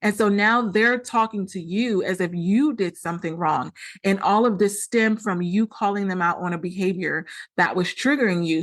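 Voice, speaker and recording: A woman hosts her own podcast, talking directly to listeners in an earnest, explanatory way. Her voice sits a little low, and she sometimes acts out what people say to each other. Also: fairly bright tone. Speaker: podcast host. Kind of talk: solo podcast talk.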